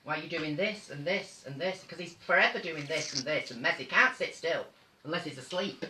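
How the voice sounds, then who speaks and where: A man with a North Manchester accent chats through a live stream from his home, camp and theatrical, calling everyone darling. His voice sits a little high and rings very bright, bouncing around a roomy room with a faint hum behind it. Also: normal speed. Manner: camp, chatty, theatrical, calls people darling. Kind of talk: casual live chat.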